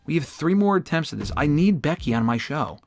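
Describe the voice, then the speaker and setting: With a fairly high, sing-song and creaky voice, a young man talks a little fast as he streams a game. He's chatty and profane with viewers, and his frustration with the game bursts out loudly at times.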